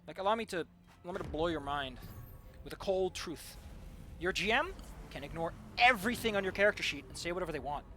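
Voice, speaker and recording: Fast-talking, ranting young male streamer. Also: sits high, expressive, pushed and bright, a little hiss or hum. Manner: ranting, sarcastic, swears freely. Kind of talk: casual gaming stream chat.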